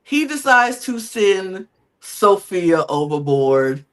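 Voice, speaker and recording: A woman hosting a podcast, recapping reality TV in an animated, chatty storytelling style with slangy quips. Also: mid-range voice, slow. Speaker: podcast host.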